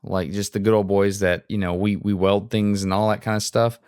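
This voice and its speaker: A man with a Southern US accent, chatting casually as a podcast co-host. His voice sits fairly low, and he talks in an earnest, self-deprecating way with easy laughs. The sound is dry and close. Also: little pitch movement, normal speed, a little mellow, clean tone, no echo. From Alabama, US. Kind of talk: casual conversation.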